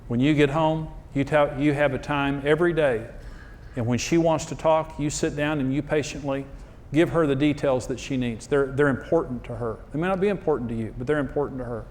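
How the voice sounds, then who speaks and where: Speaking fairly quickly at medium pitch, with a slightly mellow voice and slight background noise, a middle-aged pastor who teaches on marriage gives a humorous sermon to a live audience. He tells folksy stories and performs the voices he quotes.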